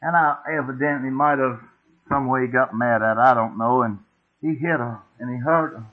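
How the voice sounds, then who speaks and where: A middle-aged man preaches in a folksy, homespun way, turning to the congregation with questions. His pitch sits in an ordinary middle range. The recording is thin and tinny, like an old tape heard down a phone line. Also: moderate pace. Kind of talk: sermon storytelling.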